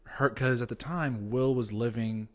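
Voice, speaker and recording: A man's voice: mid-range voice, steady tone, unhurried. A man co-hosting a podcast in casual chat, a loose storyteller who says "dude" and "like" a lot and swears freely. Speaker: podcast co-host.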